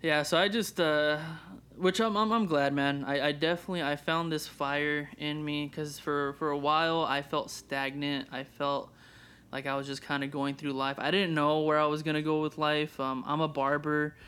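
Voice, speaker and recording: A man's voice: on the high side, little pitch movement, normal speed, fairly bright tone, clean tone. A young man co-hosting a podcast, talking casually with lots of restarts and swearing. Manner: rambling, many restarts and swearing. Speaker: podcast co-host. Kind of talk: casual chat.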